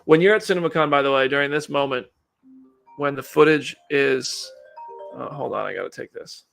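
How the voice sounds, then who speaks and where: A man's voice: on the high side, moderate pace, gravelly, a bit bright, faint music behind. A man hosting a casual live stream, chatting with viewers and reading news updates aloud.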